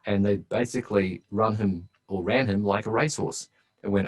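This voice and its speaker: A man's voice: fairly low pitch, steady tone, normal speed, rough recording. A man speaking as a guest on a podcast interview, telling stories in a chatty, enthusiastic way.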